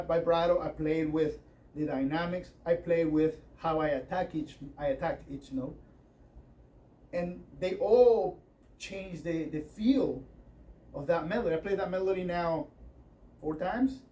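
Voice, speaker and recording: During a guitar workshop with playing demonstrations, a man speaks in a slightly high, warm voice, drifting through his points in a casual, filler-laden way. A distant microphone captures him along with faint noise.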